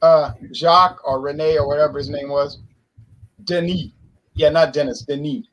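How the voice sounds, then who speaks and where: A man co-hosting a casual talk show, telling animated opinionated stories and mimicking people he quotes. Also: fairly high pitch, normal speed, low-quality recording. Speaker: podcast co-host.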